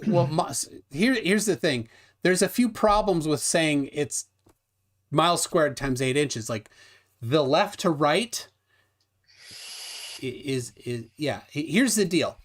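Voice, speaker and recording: A man's voice: a little high, slow, long pauses. A man hosting a casual livestream debate, reading chat aloud and explaining with frequent restarts. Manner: animated, many restarts, reads chat aloud. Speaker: livestream host.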